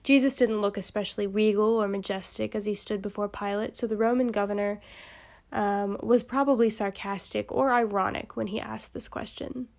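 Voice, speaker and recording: A woman's voice: mid-range voice, fairly even intonation, moderate pace, gravelly, a little mellow. A woman hosting a Bible study podcast, reading passages steadily and breaking into chatty, amused asides.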